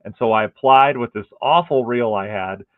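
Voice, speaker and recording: A man's voice: medium pitch, normal speed, dry recording. A middle-aged man, a meteorologist, chatting casually and earnestly with viewers on a livestream, rambling with many fillers and restarts. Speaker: meteorologist hosting a weather livestream. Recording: tinny phone-like audio.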